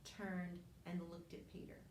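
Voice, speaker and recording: A woman teaches a Bible class at an unhurried pace, retelling scripture earnestly and restarting her sentences as she goes. She sounds distant from the mic in a roomy space with a faint hum of ambience. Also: lowish voice, little pitch movement, a little mellow. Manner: earnest storytelling with frequent restarts and asides. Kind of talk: Bible lesson, reading and explaining scripture. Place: church classroom.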